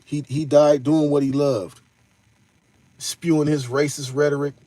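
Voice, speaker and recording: A man's voice: a little high, flat delivery, a little slow, mellow, no echo. A man hosting a live stream, talking loosely in slang and answering his chat. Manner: loose slangy talk, addresses chat directly. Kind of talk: casual live-stream commentary.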